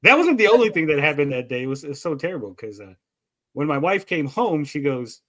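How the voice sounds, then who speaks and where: A man chatting on a relaxed gaming podcast, telling stories in an animated way and cursing casually. His voice sits a little high and rises and falls dramatically. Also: fast. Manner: animated storytelling, swears freely. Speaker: podcast co-host. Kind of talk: casual chat.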